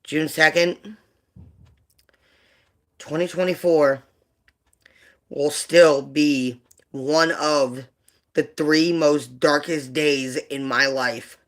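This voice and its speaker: Emotional and subdued, a male streamer recounts something painful from his past, halting and rambling with many filler words. He speaks in a slightly high voice with fairly even intonation.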